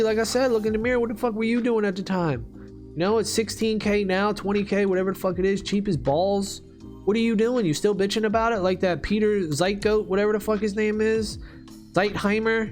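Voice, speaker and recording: A man ranting casually and profanely while playing a game, with faint music behind him. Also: high-pitched. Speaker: video creator.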